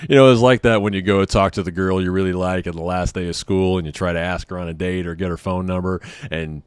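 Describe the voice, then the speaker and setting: Low-voiced man telling a rambling story. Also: fairly even intonation, fast talker, smooth, no echo. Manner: self-deprecating, rambling, frequent laughs. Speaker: podcast host. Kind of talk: casual storytelling monologue.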